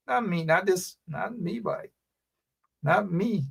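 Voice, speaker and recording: A male radio host with a high, gravelly, husky voice talks slowly and pauses often. He hosts a live political talk show, reading viewer comments, naming names, and preachily urging his audience with repeated phrases in an animated manner.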